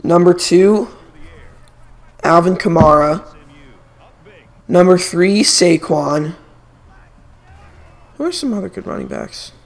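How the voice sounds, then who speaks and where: Animated young man talking sports. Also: high voice, slow, creaky, pauses often. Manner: opinionated, animated sports banter. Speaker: gaming streamer. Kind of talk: casual chat while playing a video game.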